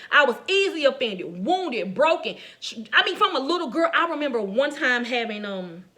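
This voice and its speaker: Woman, middle-aged, fairly high voice, faith-based storytelling, animated, conversational, laughs easily. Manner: animated, conversational, addresses listeners directly; laughs often while telling stories. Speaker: faith speaker.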